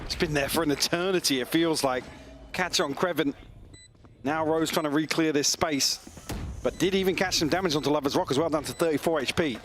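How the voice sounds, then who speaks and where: A man giving measured analysis as co-caster on a live esports broadcast. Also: on the high side. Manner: measured, analytical, quick laughs. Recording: noisy live broadcast feed.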